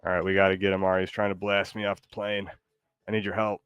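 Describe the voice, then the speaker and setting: A man streaming a game and chatting casually with an AI companion, loose and excitable, with rambling fillers. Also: deep voice, fast talker, clean tone, no room sound, dull audio. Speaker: gaming streamer. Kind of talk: casual live commentary while playing.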